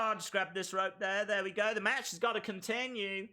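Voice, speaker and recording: A man giving excitable live play-by-play reactions to a wrestling match, bursting into shouts at big moments. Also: high-pitched, fairly quick. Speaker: wrestling stream host.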